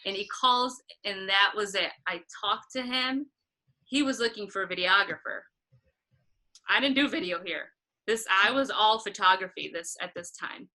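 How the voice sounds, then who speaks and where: A woman concert photographer telling a story in a casual interview, animated and acting out what others said, laughing often. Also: medium pitch, moderate pace, rough recording. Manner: animated, acts out quoted voices, laughs often.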